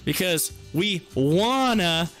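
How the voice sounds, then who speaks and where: A man's voice: sits high, lively intonation, takes it slowly, a bit bright, faint music behind. A man hosting a live stock-trading stream in casual chat, reading viewers' messages aloud and laughing so hard his eyes water. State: laughing to tears.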